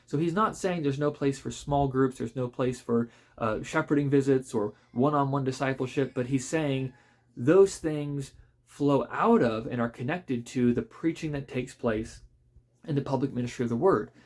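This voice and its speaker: A man, a pastor, reviewing a book in a relaxed spoken way, thoughtful and conversational, with frequent fillers and restarts. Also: medium pitch, moderate pace.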